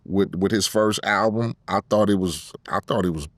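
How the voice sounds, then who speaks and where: A middle-aged man from Compton in a casual interview, talking slowly with drawn-out ums between his thoughts. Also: on the low side, no room sound. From Compton, California. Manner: unhurried, fills pauses with drawn-out ums. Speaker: guest rapper.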